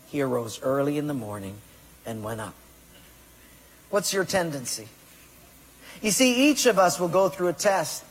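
A man's voice: high voice, a bit bright. A man preaching a sermon and asking the congregation direct questions. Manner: asks the congregation questions, tells a joke with acted voices. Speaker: pastor. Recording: echoey hall reverb.

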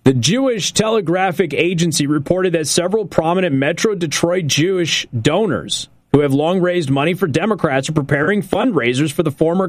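A man hosting a political talk radio show, delivering an emphatic, sarcastic monologue and repeating points slowly for effect. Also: on the high side, no echo, studio quality.

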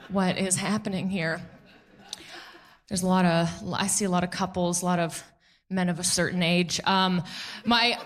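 On a comedy club stage, a woman in her thirties with a mid-range voice performs a stand-up set. She's animated and jokey, acting out the voices of the people in her stories.

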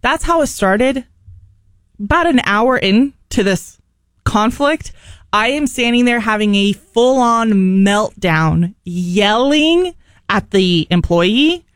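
Female radio co-host, playful and laughing, lively pitch swings, dry studio mic. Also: takes it slowly, no room sound. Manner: expressive, laughs often, playful. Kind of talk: casual on-air storytelling.

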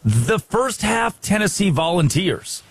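A man co-hosting a sports talk show, debating college football in an animated, riffing way with mock quotes. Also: sits high, measured pace, slightly rough, dry recording.

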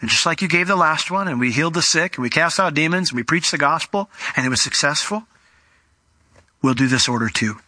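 A man preaching a sermon with a very bright, ringing voice that sits a little high. He talks in a conversational, animated way, acting out scenes as he teaches. The sound is close-miked and completely dry. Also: fairly quick, dry recording. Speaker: pastor.

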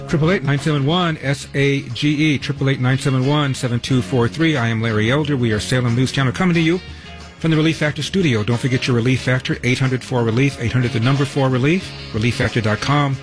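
A man in a radio studio runs through the day's stories as host, adding dry, sarcastic asides. His voice sits in a middle pitch, and a soft music bed plays beneath him. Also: fast talker. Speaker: radio talk show host. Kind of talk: talk radio monologue.

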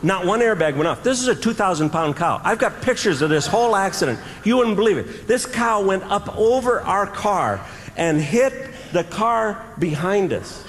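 A man doing stand-up storytelling, animated, with drawn-out pauses and sound effects, recorded live in a large hall. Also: high voice. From American Midwest farm country. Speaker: stand-up comedian. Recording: live hall reverb with faint ambience.

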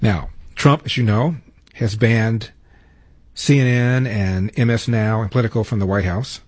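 Brash talk radio host, husky. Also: male voice, fairly low pitch, fairly even intonation, unhurried, dry recording. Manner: brash, punchy delivery. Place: radio studio.

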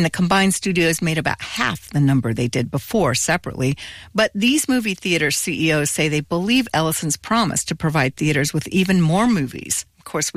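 A woman news correspondent reporting in a clear, measured way from a radio studio. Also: low-pitched, no room sound. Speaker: culture correspondent.

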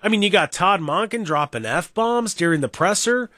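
A man hosting a sports talk radio show, talking in an animated, rambling, opinionated way and mocking the people he talks about. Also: high-pitched, normal speed, dry recording, clean studio sound. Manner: animated, rambling, mocking, with mimicked crowd voices. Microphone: studio microphone.

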